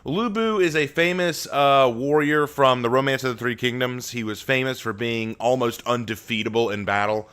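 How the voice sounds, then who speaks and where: A man hosts a live stream from home in a relaxed, chatty way. He reads out viewer messages and answers them in a middle-pitched voice. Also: moderate pace, hardly any pauses, clear, resonant tone. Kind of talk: casual live stream chat.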